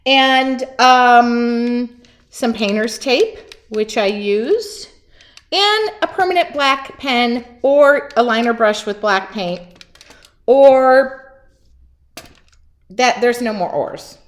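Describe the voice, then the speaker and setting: A woman's voice: a little high, very slow. A woman teaching a live painting demo from her home studio, chatty and self-mocking, laughing at herself as she works. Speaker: art teacher.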